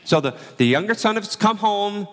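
A man preaching a sermon in a relaxed, conversational way, acting out the quoted lines as he tells the story. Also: sits high, normal speed, big-room sound. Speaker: pastor.

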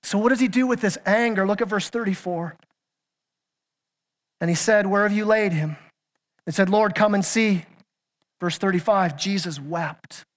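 Speaking high and at a moderate pace, with long pauses, a man preaches as pastor in a church sanctuary. He is earnest and emphatic, questioning his listeners repeatedly and sometimes tripping into restarts amid the hall's long reverb.

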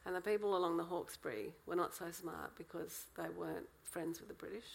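Gravelly husky woman co-author. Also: fairly low pitch, brisk, low-quality recording. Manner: lively, explanatory storytelling. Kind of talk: conversational interview.

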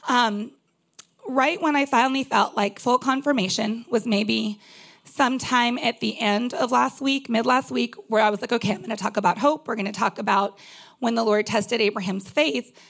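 A woman pastor preaches in a candid, conversational way, filling her talk with asides and fillers. Her voice sits a little high and carries a gravelly fry, and she is holding back tears. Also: normal speed, fairly bright tone. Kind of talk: personal sermon.

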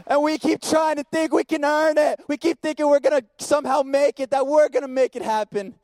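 A man with a very high voice preaches a sermon in a steady repeating cadence. He sinks into hushed storytelling and builds up to shouted exhortation. The sound is dry and close, with no room in it. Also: brisk, no room sound. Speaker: pastor.

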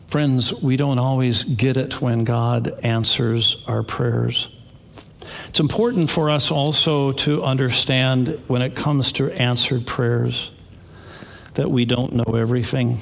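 Man, pastor, sermon, conversational storytelling, average pitch, long hall reverb. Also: fairly even intonation, measured pace. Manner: conversational storytelling with small restarts. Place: church sanctuary.

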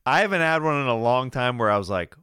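A man hosting a podcast, reacting with amusement and quick comments in casual chat. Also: medium pitch, expressive, bright, forceful tone, clean tone, no room sound, clean studio sound. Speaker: podcast host.

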